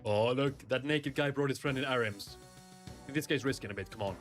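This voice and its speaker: A young man giving live commentary on his own gameplay, excitable and pleading with the game. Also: mid-range voice, moderate pace, over music. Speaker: gaming streamer.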